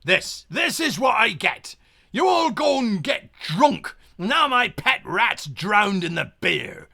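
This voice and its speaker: A man voicing a quick-tempered pirate ship captain who shouts and curses at his drunken crew. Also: high-pitched, animated, creaky, full character voice. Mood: furious. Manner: blustery, shouting and cursing at the crew.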